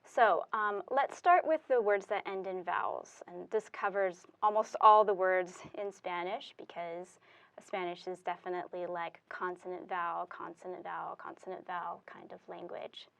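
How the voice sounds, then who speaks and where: A woman with a fairly low, creaky voice and fairly even intonation teaches Spanish at a whiteboard. She explains slowly and deliberately, step by step, using fillers as she writes on the board.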